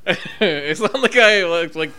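A man's voice: fairly high pitch, animated, unhurried, pushed and bright, clean tone. A young man co-hosting a podcast, chatting casually, swearing and laughing a lot. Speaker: podcast co-host. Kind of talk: casual chat.

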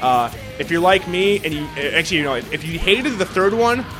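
A man in casual podcast chat, reviewing a film in a rambling, excitable way, swearing heavily and full of filler words. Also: high voice, normal speed, music in the background. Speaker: podcast co-host reviewing a movie.

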